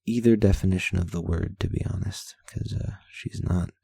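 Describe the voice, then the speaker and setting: A man's voice: low voice, fairly even intonation, moderate pace, creaky, mellow, breathy edge, dry recording. A man hosting a vlog, candidly reading his daily journal aloud, rambling and self-deprecating with blunt swearing. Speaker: vlog host.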